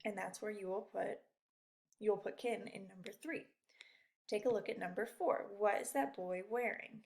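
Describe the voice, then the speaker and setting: A woman's voice: mid-range voice, moderate pace, gravelly, a little mellow. A woman teacher going over a worksheet in a remote lesson for young children, patient and encouraging.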